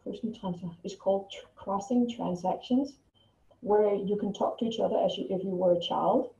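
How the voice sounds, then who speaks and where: With a mid-range, dark voice touched by vocal fry, a woman vlogger chats to camera at normal speed, telling a personal story. She rambles, restarting often and repeating herself. Her voice sounds distant and echoey in a dull, roomy, lo-fi recording.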